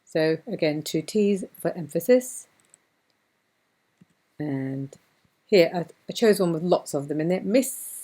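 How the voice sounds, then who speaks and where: A woman teaching a beginner Quran reading lesson, patiently repeating words slowly for her learners. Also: low-pitched, mellow.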